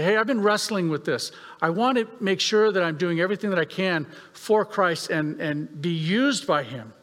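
A man preaching a sermon as pastor, earnest and emphatic, with pauses and repeated phrases. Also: fairly high pitch, fairly bright tone. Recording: long reverb of a hall.

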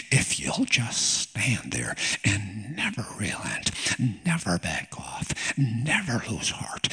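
Husky, gravelly preacher man. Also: fairly low pitch, sharp tone. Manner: emphatic, playful asides. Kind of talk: sermon.

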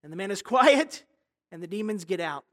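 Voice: mid-range voice, animated, moderate pace. Storytelling preacher with dramatic swings. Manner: conversational storytelling with rhetorical questions; big swings between hushed and loud. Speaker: pastor. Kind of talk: sermon.

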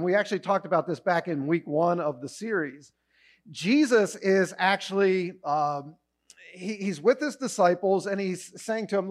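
A male pastor preaching a sermon in a church, animated and acting out the voices he quotes. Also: high voice. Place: church auditorium, also streamed online.

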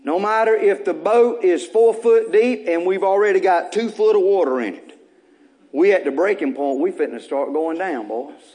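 A man's voice: sits high, normal speed, darkish tone. A man. He drives his points home by repeating phrases and climbing into emphatic bursts. The delivery is the full, rhythmic cadence of a pastor speaking to his congregation. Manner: preaching with rising emphatic bursts and repetition. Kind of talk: sermon.

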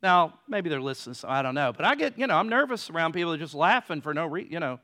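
A man preaching a sermon, moving between loud emphatic passages and quiet, low stretches. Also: big pitch swings, very fast. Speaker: pastor.

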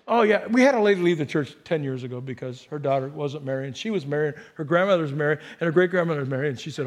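A middle-aged man preaching a personal, story-driven sermon, talking conversationally and moving between loud emphatic bursts and soft, hushed asides. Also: high voice, lively intonation, a little fast. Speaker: pastor.

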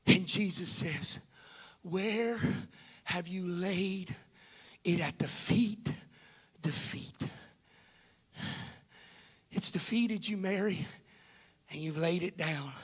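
A man preaching a sermon, swinging from hushed, whispered lines to loud, sing-song shouting, calling out to members of the congregation. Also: sits high, expressive, slow pace, pauses often, breathy edge. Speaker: pastor.

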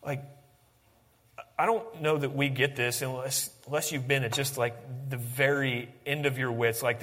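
A man preaching a sermon, swinging from animated emphasis to hushed, intense lines. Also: mid-range voice, long reverb tail. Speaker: pastor.

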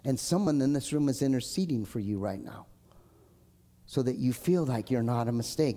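A man preaching a live sermon in a church hall, earnest and emphatic, swinging between forceful lines and hushed ones. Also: mid-range voice, lively intonation, moderate pace. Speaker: pastor. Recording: long hall reverb from a church.

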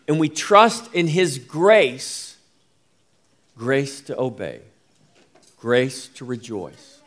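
A man preaching a sermon as pastor, slow and emphatic, rising and falling as he drives each point home. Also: a little high, fairly bright tone.

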